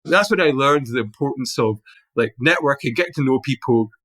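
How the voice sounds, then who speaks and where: A middle-aged man with a Glaswegian accent, a podcast guest telling animated anecdotes in casual conversation with many restarts. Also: mid-range voice, brisk, dry recording. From Scotland.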